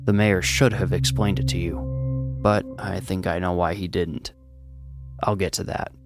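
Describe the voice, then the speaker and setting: Gruff grumbly old guy, short serious lines, low voice, man putting him on. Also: steady tone, moderate pace. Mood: grave. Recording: music playing underneath.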